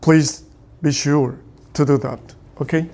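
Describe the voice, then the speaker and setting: A man's voice: fairly high pitch, fairly even intonation, measured pace, mellow. Male lecturer, middle-aged, Taiwanese Mandarin accent, native Mandarin speaker, patient and repetitive classroom instruction. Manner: repetitive, pleading "please" and "okay?", switching between English and Mandarin. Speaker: physics lecturer.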